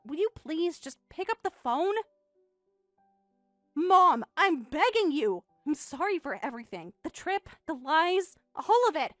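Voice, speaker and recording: A woman's voice: high voice, dry recording. A synthetic female text-to-speech voice reading a bratty, dismissive teenage daughter in a text-message story. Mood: panicked.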